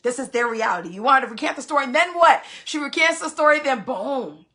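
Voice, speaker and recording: A woman's voice: high-pitched, animated, fast talker, sharp tone. A woman vlogger venting to her viewers in heated casual talk, cursing freely and repeating phrases for emphasis.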